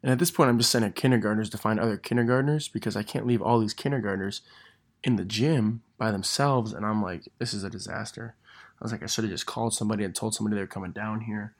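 A young man, a gym teacher, telling funny stories in a casual monologue, laughing through them and correcting himself as he goes. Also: lowish voice. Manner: laughs through his stories, animated, quick self-corrections.

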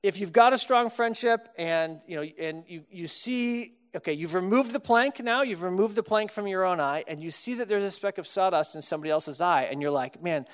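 A man's voice: high-pitched, a little fast, hardly any pauses, clear, resonant tone. A man from Texas preaching a sermon, casual and humorous, acting out little dialogues with comic voices. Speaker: pastor.

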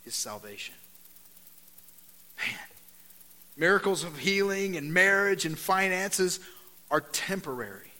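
A pastor delivers a sermon in a conversational style, his voice mid-range with a long reverb trailing behind it. He repeatedly says "man" and "right?", sinks into a quiet, earnest tone, and grows loud and animated once he reads scripture.

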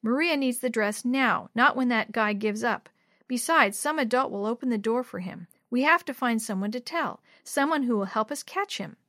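A woman's voice: on the high side, expressive, moderate pace, a bit bright, no room sound, studio quality. A woman voicing a sensible, doubtful young boy who talks things through practically.

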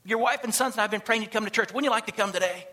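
A man preaches to a congregation, telling his story quickly and with a lot of energy. His voice sits high and sounds bright and forceful. He slips into the voices of the people in his story as he tells it. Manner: animated, acts out quoted voices. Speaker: missionary pastor. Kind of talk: sermon storytelling. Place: church service.

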